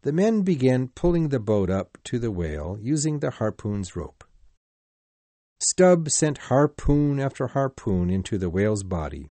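Man, audiobook narrator, slow pace, lively pitch, dry close mic. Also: no echo. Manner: deliberate, expressive storytelling.

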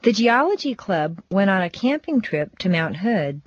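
A woman teaching English pronunciation, reading set phrases and sentences with slow, deliberate, exaggerated stress for learners to repeat. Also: medium pitch, very animated, dry recording, lo-fi sound. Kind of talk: scripted pronunciation drill.

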